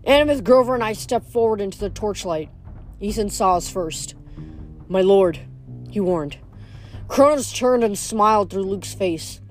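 A woman reading a novel aloud in steady narration, now and then stumbling over a word. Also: mid-range voice, normal speed, soft background music. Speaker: reader.

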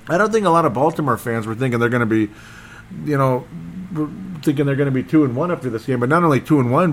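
Rambling excitable man recapping football. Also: medium pitch. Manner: rambling, excitable, loses his train of thought. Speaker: sports show host. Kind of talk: casual solo sports commentary.

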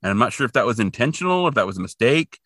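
Animated sarcastic man recapping an episode. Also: mid-range voice, rapid-fire, dry recording, clean studio sound. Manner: animated, sarcastic, acts out quotes. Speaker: podcast co-host. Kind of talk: casual recap chat.

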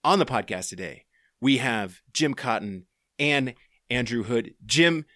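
A man's voice: mid-range voice, lively intonation, measured pace, sharp tone, no echo, studio quality. Rambling male podcast host. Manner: loose and rambling, with many fillers. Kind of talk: casual podcast chat. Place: home office.

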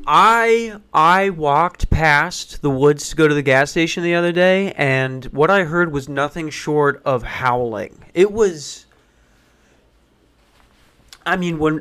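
A man's voice: medium pitch, a bit bright, smooth. Profane rambling young guy podcasting. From western Pennsylvania. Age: 20s. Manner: profane, rambling, laughing at himself. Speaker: podcast host. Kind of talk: casual podcast rant. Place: small back office.

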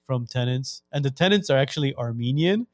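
A man's voice: medium pitch, animated, a little fast, no room sound, studio quality, faint music behind. A man hosting a podcast, chatting casually and retelling comedy bits.

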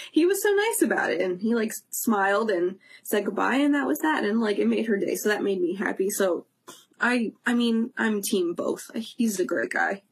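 A woman's voice: medium pitch, lively intonation, moderate pace, gravelly, husky. A young woman co-hosting a podcast, chatting casually and gushing about fan events, laughing often. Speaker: podcast co-host. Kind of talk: casual chat.

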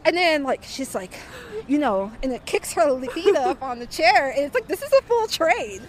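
High-voiced young woman telling a story. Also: normal speed. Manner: animated, full of "like" fillers. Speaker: interviewee. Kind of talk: casual storytelling.

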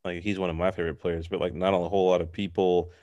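Low-voiced chatty guy, lots of "like". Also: little pitch movement, quick pace, darkish tone, no echo, highs cut off. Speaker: podcast co-host. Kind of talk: casual chat.

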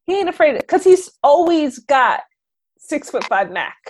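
Brief: woman podcast host, lively storyteller, acts out the dialogue. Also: sits high, normal speed, slight background noise. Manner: animated storytelling, acts out characters' lines. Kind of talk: casual movie recap chat.

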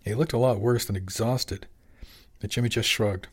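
A man narrating a serialized audiobook in a steady, even storytelling manner. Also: on the low side, normal speed, breathy edge. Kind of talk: scripted narration.

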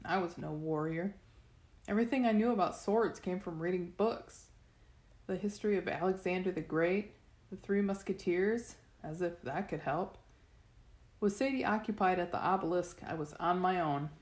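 A woman reading a novel aloud in first person, steady storytelling with the odd restart. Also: lowish voice, moderate pace. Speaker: reader. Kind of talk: first-person audiobook narration. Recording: echoey room.

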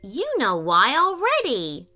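An excitable, dramatic little girl who dreams of fighting dragons as a superhero, put on by a woman reading a storybook. Her voice sits high and eager, rising and falling a lot at an unhurried pace, with soft music faintly underneath. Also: exaggerated voice. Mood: excited.

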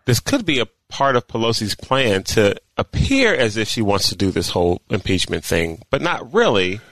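A man's voice: fairly low pitch, normal speed, no room sound, low-quality recording. A man co-hosting a podcast, chiming in with short agreeing remarks in casual chat. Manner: short agreeing interjections, lively. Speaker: co-host. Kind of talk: casual political talk.

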